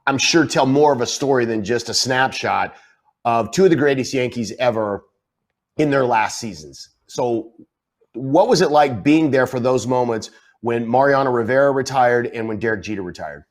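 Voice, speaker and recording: A man hosts a relaxed interview in a medium-pitched voice. He asks questions and keeps the guest talking with short, engaged prompts. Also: moderate pace. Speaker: podcast host. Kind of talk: casual interview chat.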